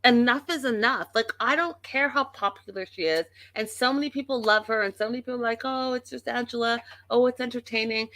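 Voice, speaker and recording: A woman's voice: on the high side, pushed and bright, no echo. A woman hosting a casual reality TV recap, talking bluntly and emphatically with plenty of profanity. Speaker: show host.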